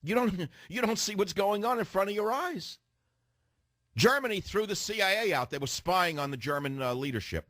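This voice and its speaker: A man's voice: sits high, animated, normal speed, a bit bright, no echo, clean studio sound. A man hosting a political radio commentary, ranting fiercely, firing rhetorical questions and repeating phrases for emphasis. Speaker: radio talk show host.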